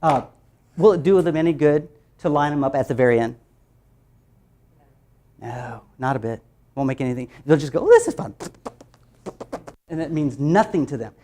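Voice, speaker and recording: Give me a man presenting a phonics workshop to teachers, lively and demonstrative. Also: mid-range voice, normal speed, pauses often. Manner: lively, demonstrates letter sounds aloud. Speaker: teacher trainer.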